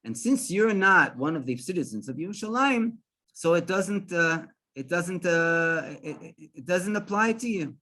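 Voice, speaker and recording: Animated rabbi telling a story. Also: male voice, sits high, moderate pace. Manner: animated, with frequent restarts and fillers.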